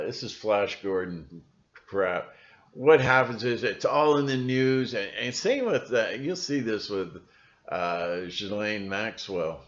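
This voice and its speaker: Slow, rambling sarcastic man. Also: fairly low pitch, lo-fi sound. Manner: rambling, sarcastic, full of fillers and restarts. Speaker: video blogger. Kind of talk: casual rant to camera.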